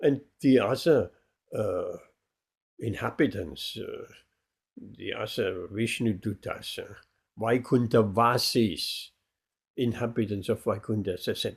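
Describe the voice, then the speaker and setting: A man, a spiritual teacher, telling a devotional story in a lecture, with many pauses and fillers. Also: fairly low pitch, creaky, husky.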